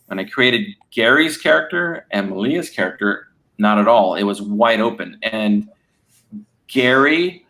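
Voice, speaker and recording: Bright-voiced joking man. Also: fairly low pitch. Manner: joking, rambling, restarts. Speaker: guest, comic creator. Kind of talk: casual chat.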